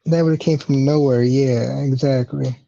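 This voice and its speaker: A man co-hosting a casual podcast, talking in a relaxed, questioning way with lots of fillers. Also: mid-range voice, normal speed, creaky. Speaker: podcast co-host. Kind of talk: casual chat. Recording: dull lo-fi audio.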